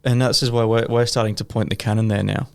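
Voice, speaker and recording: A man's voice: lowish voice, fairly even intonation, fast talker, creaky. A young man with an English accent hosting a podcast, chatting casually and rambling through self-corrections. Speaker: podcast host. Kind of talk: casual chat.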